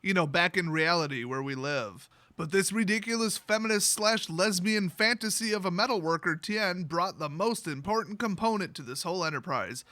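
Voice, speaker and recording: A man's voice: high voice, animated, moderate pace, few pauses, bright, forceful tone, no echo. A man hosting a video, retelling a fantasy novel with sarcastic, mocking asides. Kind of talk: sarcastic comedic story retelling.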